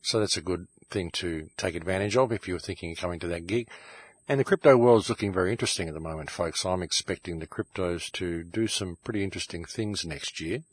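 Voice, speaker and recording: Male show host, deep husky voice, dry close sound, fired-up rant addressed to "folks". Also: brisk, dry recording. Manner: ranting, keeps calling listeners "folks". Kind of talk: impassioned monologue. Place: home shed.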